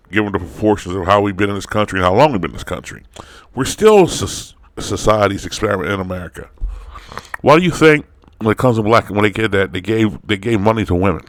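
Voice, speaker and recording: A man's voice: fairly low pitch, no echo. Blunt, profane man hosting a commentary vlog. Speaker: host of an online commentary show. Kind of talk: opinion vlog monologue.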